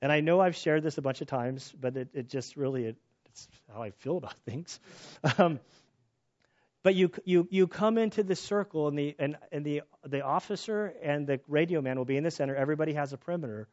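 Male pastor, earnest and candid, raised pitch, somewhat winded, restarts a lot, muffled low-fi recording. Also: brisk, darkish tone. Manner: earnest, candid, restarts often, voice rises when emphatic. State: out of breath. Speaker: pastor teaching through scripture. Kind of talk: expository sermon. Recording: dull lo-fi sound.

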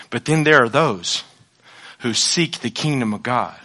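A male pastor preaching a sermon to his church, swinging from loud exclamations to low, hushed asides. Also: normal speed.

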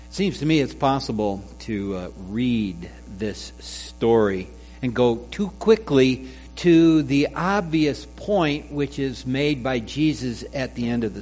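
A man's voice: medium pitch, darkish tone. A man preaching a sermon, telling a joke with character voices before reading scripture and explaining it. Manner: slow, measured delivery with a joke told in voices. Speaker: pastor. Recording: faint mains hum.

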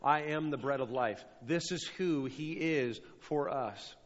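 A man's voice: mid-range voice, unhurried. A man preaching a sermon as a pastor, stressing and repeating key phrases. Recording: dull sound with long hall reverb.

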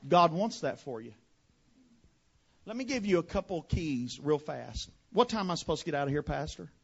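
A pastor from West Monroe, Louisiana, with a Southern accent, preaching a fiery sermon to a congregation. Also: male voice, a little high, very animated, fast talker, gravelly, husky, dull audio. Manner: fiery preaching, swinging from hushed to shouted.

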